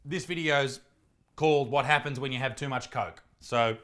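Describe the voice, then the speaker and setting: A man's voice: medium pitch, normal speed, fairly bright tone. An Australian man hosting a comedic reaction video, mocking the clips he plays with profane, theatrical insults. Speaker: comedian and host.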